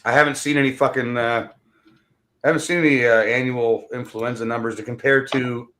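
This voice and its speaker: A man's voice: mid-range voice, steady tone, a little fast, fairly bright tone. A man ranting in casual, profane chat, swearing heavily. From Canada.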